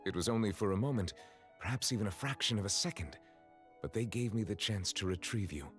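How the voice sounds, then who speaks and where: A dignified dragon judge from a video game speaks in a calm, measured, formal tone, as a man voices him. His voice sits slightly low. Soft music plays faintly underneath. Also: close to an everyday voice. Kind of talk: game voice acting.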